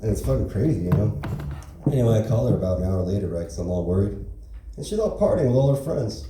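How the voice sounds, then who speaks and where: Stand-up man, open mic, dark low voice, rambling deadpan delivery, echoey far-off club sound. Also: fast talker. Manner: rambling, filler-heavy, deadpan. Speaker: stand-up comedian. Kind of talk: stand-up comedy set.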